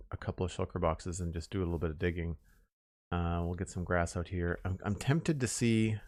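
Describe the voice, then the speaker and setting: A man's voice: low-pitched, dry recording, studio quality. A man streaming a building game, chatting casually with his viewers while he works. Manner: relaxed, chatty, talks to chat while building. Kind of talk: casual live-stream chat while playing.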